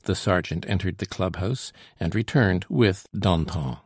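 A man reading a classic historical novel aloud as narrator, in a measured, old-fashioned storytelling manner. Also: low voice, slightly rough, no room sound, clean studio sound.

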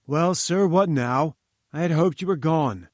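A domineering older scientist barks orders and brushes off questions with lofty impatience, as a man reads him aloud. The voice sits a little high and sounds dry and close, with grand emphasis on the big words. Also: a little slow, dry recording, natural voice. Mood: angry, lofty. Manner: commanding, dismissive, grandly emphatic. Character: imperious domineering male scientist, older, bearded. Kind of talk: audiobook character reading.

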